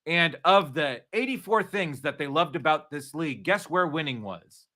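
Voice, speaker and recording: A man in a casual chat, telling animated stories and acting out the people in them. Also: on the high side, normal speed. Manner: animated storyteller, acts out quotes.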